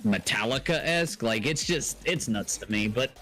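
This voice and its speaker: A man's voice: medium pitch, lively intonation, moderate pace, pushed and bright, slight background noise, low-quality recording. A man co-hosting a livestreamed trivia game, rambling in casual banter and laughing easily. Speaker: trivia co-host.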